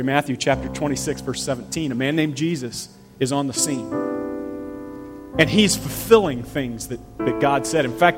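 Lively preaching man over soft music. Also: on the high side. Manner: lively, acts out quoted voices, conversational preaching. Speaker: pastor. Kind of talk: sermon. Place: church. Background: soft piano and guitar music.

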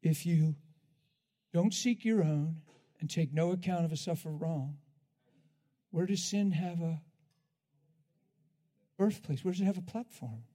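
Animated high-voiced male preacher. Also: measured pace, long pauses. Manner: animated, laughing, swings from loud to hushed. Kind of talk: sermon.

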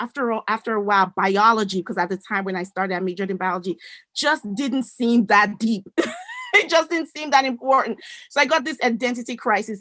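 An adult woman speaks as an interview guest, recounting her life in an animated, conversational way that acts out snippets of remembered dialogue. Her voice sits in an ordinary middle register, and the recording is dry and close with no room sound. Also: medium pitch, no echo. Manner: animated, acts out quoted dialogue, many restarts. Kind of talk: conversational storytelling.

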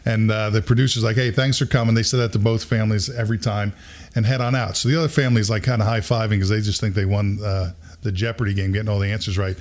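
A middle-aged man hosting a podcast, telling a story in a casual, animated way and acting out quotes with bursts of laughter. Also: on the low side, fast. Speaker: podcast host.

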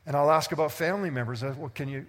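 A pastor delivering a sermon, acting out Bible dialogue with animated emphasis. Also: male voice, fairly high pitch, very fast. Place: church sanctuary. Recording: long hall reverb.

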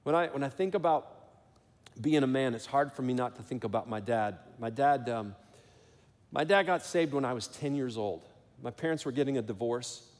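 A man's voice: mid-range voice, normal speed, darkish tone, big-room sound. A middle-aged man preaching a sermon as pastor, telling a personal story earnestly and building to emphatic calls to action.

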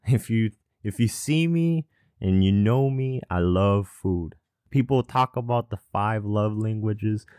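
Deep, slow-talking earnest male podcast host. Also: dry recording, studio quality. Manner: earnest, encouraging, with soft laughs. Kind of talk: casual podcast monologue.

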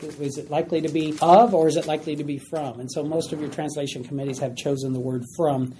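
A man's voice: on the high side, dark tone, slight background noise. A man leading a Bible study, explaining verses plainly and now and then acting out the characters' lines. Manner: explains plainly, acts out voices.

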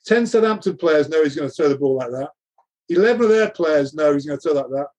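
A man's voice: on the high side, expressive, quick pace, a little mellow, lo-fi sound. A middle-aged man telling stories from his coaching career, laughing often and acting out the dialogue he quotes. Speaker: guest recounting coaching career. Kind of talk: animated anecdotal storytelling.

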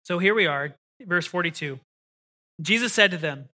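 Bright-voiced conversational male pastor. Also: high-pitched. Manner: conversational, animated asides; slow deliberate reading of scripture. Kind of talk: sermon with scripture reading.

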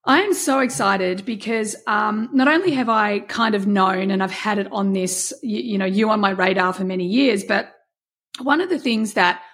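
Woman podcast host, gushing and emphatic, husky edge to the voice. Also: mid-range voice. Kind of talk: podcast intro and interview.

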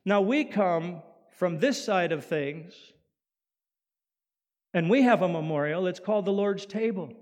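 A male pastor preaching a sermon in an animated way, swinging from loud emphasis down to quiet. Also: high voice, measured pace. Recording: long hall reverb.

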